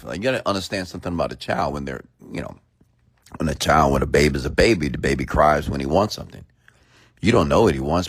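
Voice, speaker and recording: Motivational speaker, male, very low husky voice, lively emphatic delivery, dry close sound. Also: no echo. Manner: emphatic, rhetorical questions. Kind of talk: motivational rant.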